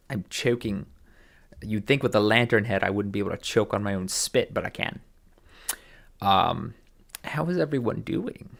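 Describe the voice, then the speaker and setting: Male streamer with a low, gravelly voice, unhurried and halting, dry wit in a casual chat. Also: fairly bright tone. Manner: hesitant, many fillers, dry formal humor. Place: home room.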